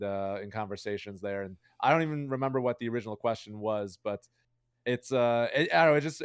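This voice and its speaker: Fast-talking young man, smooth voice. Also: mid-range voice, dry recording, clean studio sound. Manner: fast, rambling, heavy use of fillers. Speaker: guest streamer. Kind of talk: casual interview chat.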